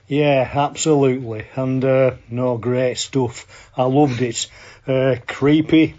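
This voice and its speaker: A cheery, chatty podcaster, put on by a man doing an impression of a friend. He chums along at an average pitch and keeps tagging his points with a friendly question. The sound is dull and lo-fi, like remote call audio. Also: warm tone, lightly acted. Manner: chummy, tags lines with "okay?". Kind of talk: impression of a friend giving feedback.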